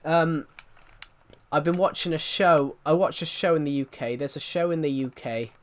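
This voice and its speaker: A man's voice: a little high, moderate pace. A man with a Southwest English accent, a streamer chatting casually and rambling as he answers viewers' questions. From southwest England. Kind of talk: casual live-stream chat.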